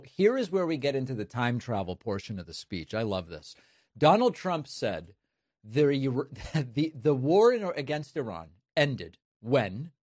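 A man's voice: mid-range voice, darkish tone, no echo, clean studio sound. A man hosting political commentary, emphatic and incredulous, with a sarcastic edge. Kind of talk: casual spoken commentary.

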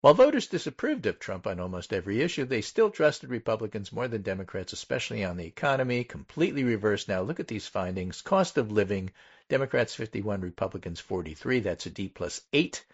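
Low-voiced man reading poll numbers. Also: sing-song, slightly rough, lo-fi sound. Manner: methodical, pauses to stress numbers. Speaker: political podcast host. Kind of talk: casual political chat, reading poll findings.

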